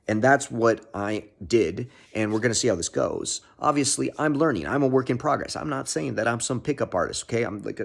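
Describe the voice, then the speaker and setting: A man's voice: mid-range voice, slightly rough. A young man vlogging a casual, heavily profane self-help pep talk. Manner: heavy swearing, pep-talk.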